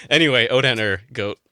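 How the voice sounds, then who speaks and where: A man's voice: mid-range voice, pushed and bright, dry recording, studio quality. A man co-hosting a casual podcast, enthusiastic and rambling, laughing as he talks. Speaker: podcast co-host. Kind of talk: casual roundtable chat.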